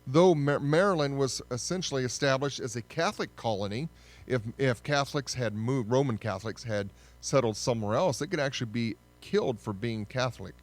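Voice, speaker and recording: Male teacher, casual lecture, mid-range voice, corrects himself often, soft music bed. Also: medium pitch, brisk. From United States. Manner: conversational, with frequent fillers and self-corrections. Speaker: history teacher.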